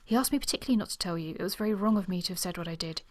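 A woman's voice: lowish voice, fairly even intonation, a little fast. A woman reading a proud young governess from a novel, earnest and flustered, at times close to a whisper. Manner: earnest, sometimes dropping to a whisper.

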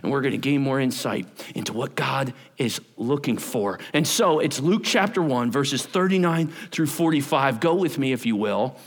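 A man, a pastor, preaching an energetic, conversational youth camp sermon and joking with the listeners. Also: medium pitch, normal speed, few pauses. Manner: energetic, conversational, jokes with the audience.

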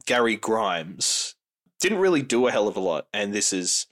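Male podcast host, casual and wry, recaps with a lively, swinging pitch. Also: moderate pace. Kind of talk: casual movie review chat.

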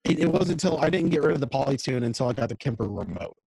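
A man's voice: medium pitch, expressive, very fast, creaky, a little mellow, slightly rough, no room sound, low-quality recording. A man co-hosting a podcast, chatting casually and rambling about food and guitar gear. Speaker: podcast co-host. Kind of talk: casual chat. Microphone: home mic over video call.

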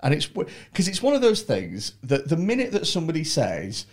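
A man's voice: fairly high pitch, a little fast. A man telling a story in casual chat, swearing and acting out the people in it. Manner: animated, swearing, acts out quoted voices.

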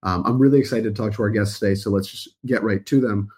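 A man's voice: lowish voice, fast talker, darkish tone, a little hiss or hum. A man hosting a podcast, his voice nasal from a cold, talking in an articulate, enthusiastic way. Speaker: podcast host. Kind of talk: podcast intro and interview.

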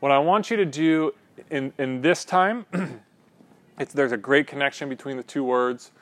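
A man's voice: mid-range voice, a little slow. A man teaching a sermon in a conversational, playful way, often checking in with "right?". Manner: animated, playful asides.

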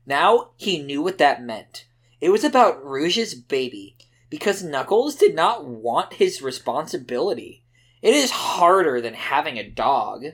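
Brief: comedic podcast host narrating fanfic, animated delivery, breaks into laughter. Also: mid-range voice, unhurried, husky. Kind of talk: reading fanfic aloud for laughs.

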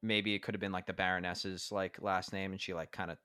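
A man's voice: low voice, level tone, fairly quick, pushed and bright, clear, resonant tone, dry recording, studio quality. A man chatting casually about a movie as a podcast co-host, rambling with lots of fillers. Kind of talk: casual movie review chat.

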